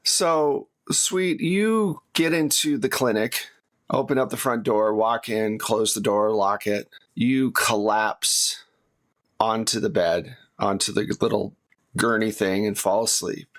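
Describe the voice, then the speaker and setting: A man's voice: on the low side, takes it slowly. Laid-back man running a tabletop game. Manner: relaxed, laughs often, casual restarts. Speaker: game master.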